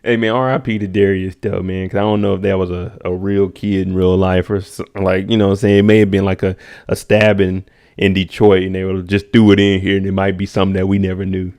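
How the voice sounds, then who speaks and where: Laid-back low-voiced man recapping. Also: level tone, fairly quick, darkish tone. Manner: laid-back slang, reads chat names, acts out scenes in high voices. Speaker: streamer recapping a TV episode. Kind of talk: casual live-stream chat.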